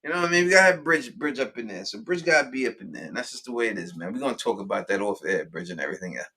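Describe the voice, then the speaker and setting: A man's voice: on the low side, racing, breathy edge. A man hosting a casual chat, telling stories with lots of laughter and acting out voices. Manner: animated storytelling, laughing often, acting out voices. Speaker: channel host.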